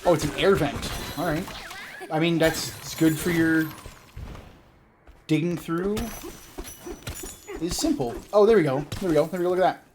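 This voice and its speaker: This gaming video host, a Canadian man in his thirties, pauses often at a moderate pace while telling a story during casual game commentary. His pitch is fairly high, his storytelling rambles and mocks himself, and background noise is audible.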